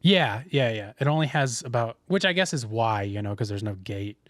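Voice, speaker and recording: A man's voice: medium pitch, lively intonation, normal speed, fairly bright tone, no room sound. Young guy on a podcast, rambling story, lots of restarts, dry close sound. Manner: rambling storyteller, many restarts and quoted asides. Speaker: podcast co-host. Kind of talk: casual chat.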